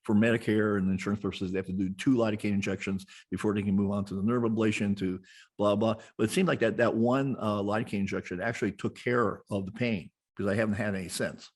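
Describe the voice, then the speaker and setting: A man's voice: lowish voice, fairly even intonation, fast talker. A middle-aged man telling a long personal story in casual conversation, rambling with many restarts and fillers. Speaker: podcast host, guest being interviewed.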